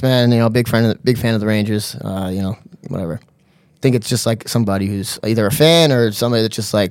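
Man, casual storyteller, laughs a lot, mid pitch, dry sound. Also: dry recording. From New York area. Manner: animated storyteller, laughs often, fillers like "you know" and "bro". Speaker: podcast guest.

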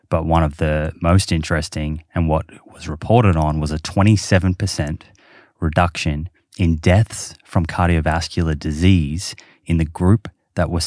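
A man's voice: rumbling low, a little mellow, no room sound, studio quality. A man hosting a podcast, explaining research casually with many fillers. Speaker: podcast host. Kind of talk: casual chat.

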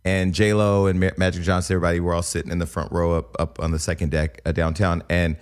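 A man's voice: low voice, level tone, quick pace, clean tone. A man hosting a casual talk show, telling stories and teasing his co-host with plenty of profanity. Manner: brash, profane storytelling, teasing. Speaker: podcast host. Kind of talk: casual chat.

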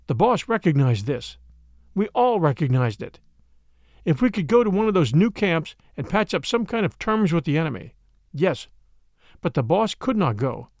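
A man reading a story aloud as an audiobook narrator, with expressive, shifting emphasis. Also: on the high side, gravelly, dry recording, clean studio sound.

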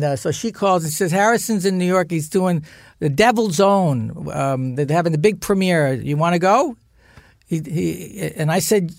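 In an echo-free podcast studio, an older actor with a voice on the high side and some vocal fry shares lively stories. He chats casually and performs the voices of the people in his anecdotes.

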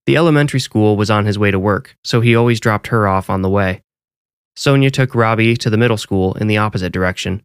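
A man narrating a scripted horror story in a measured, deliberate way. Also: lowish voice, clean tone, dry recording, studio quality.

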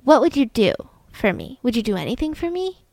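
A woman's voice: a little high, very animated, brisk, creaky, a little mellow, no room sound, heavily acted. A woman doing a manipulative, controlling father. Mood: coaxing. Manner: insistent, coaxing, urgent.

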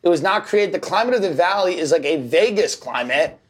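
A man's voice: high voice, lively intonation, fairly quick. A man, a guest comedian, ranting emphatically in casual chat.

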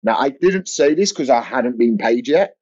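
A man's voice: mid-range voice, moderate pace. A young male comedian spins a rambling tale in loose podcast chat. He stumbles over restarts and fillers as he goes. The sound is a bit dull and lo-fi. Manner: rambling, animated storytelling with lots of fillers and restarts. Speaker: comedian guest. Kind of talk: casual anecdote on a podcast. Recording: dull lo-fi audio.

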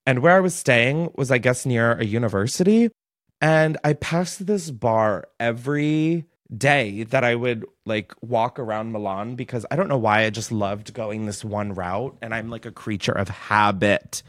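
A young podcast host tells a casual, gossipy storytime at a measured pace, his medium-pitched voice captured in studio quality with no room sound. He's chatty and says "like" constantly.

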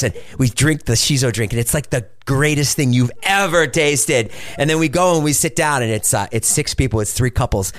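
A man in his forties telling a story as a guest on a podcast, acting out the other people's voices and bursting into shouts and laughter. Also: a little high, moderate pace, few pauses. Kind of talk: animated comic storytelling.

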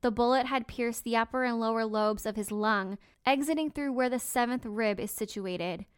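A woman's voice: on the high side, normal speed, clear, resonant tone, no room sound. Woman podcast host, true crime storyteller, chatty asides, dry close sound. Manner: conversational, with personal asides.

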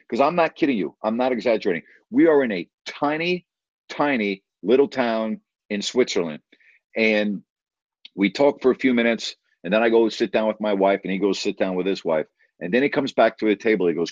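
A man's voice: lowish voice, fairly quick, no echo. A middle-aged man, a broadcaster and podcast host, telling stories in a casual interview; he rambles, repeats phrases and stretches words for emphasis. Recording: dull, dry podcast audio.

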